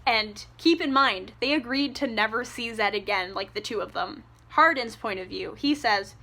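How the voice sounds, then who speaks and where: A woman's voice: fairly high pitch, normal speed, creaky, sharp tone. A young woman giving a casual, ranting book review, exasperated and sarcastic, swearing freely.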